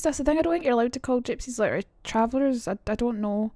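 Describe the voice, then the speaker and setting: Woman streamer rambling along, slightly high voice, dry close mic. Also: expressive, fast talker, warm tone, dry recording. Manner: chatty, rambling, reacting to chat. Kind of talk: casual live-stream chat.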